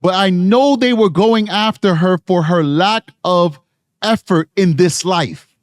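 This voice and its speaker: A man's voice: high-pitched, unhurried, dry recording, studio quality. A man from New York City giving rambling true crime commentary on a live stream, tired from lack of sleep. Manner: rambling, conversational, frequent restarts.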